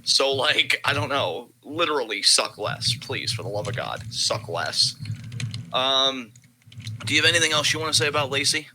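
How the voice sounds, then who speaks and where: A man co-hosting a casual wrestling commentary podcast, talking in an animated, sarcastic way and swearing freely. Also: mid-range voice, moderate pace, noisy background. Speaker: podcast co-host.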